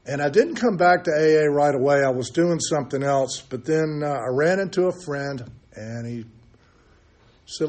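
This older man speaks on the high side at a moderate pace, with lively intonation and a darkish tone. Sharing his personal recovery testimony at a meeting, he's candid and self-deprecating, telling it loosely with many ums and restarts.

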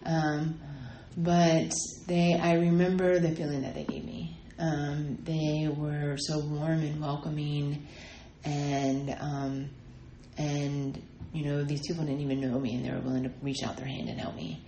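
A woman shares her recovery story in a halting way, stopping often for ums and fresh starts. Her voice sits low and warm, and it rings in an echoey room over faint background ambience. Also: little pitch movement, slight background noise. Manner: halting, many ums and restarts. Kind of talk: personal testimony talk.

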